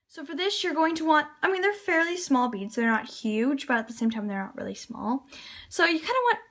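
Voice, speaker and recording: A woman's voice: high voice, fairly bright tone. A woman hosting a craft tutorial from a table by a window at home, chatty and upbeat, with many fillers. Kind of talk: casual how-to narration.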